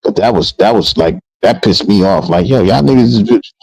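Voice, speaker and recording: Low-voiced man chatting loosely. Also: lively intonation, moderate pace, creaky, darkish tone, husky, dry recording, poor audio. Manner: loose, laughing, slangy commentary. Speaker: host. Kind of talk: casual chat.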